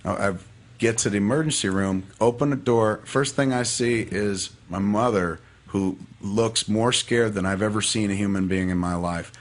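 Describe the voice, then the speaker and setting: A man's voice: lowish voice, normal speed. A man casually telling a personal story as a podcast guest, profane and rambling but heartfelt.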